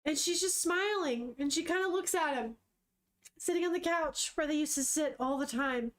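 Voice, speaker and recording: A woman casually reading a manga aloud, narrating the panels and breaking in with excited, swearing exclamations of surprise. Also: sits high, moderate pace. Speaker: manga reader, streamer. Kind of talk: casual read-aloud with reactions.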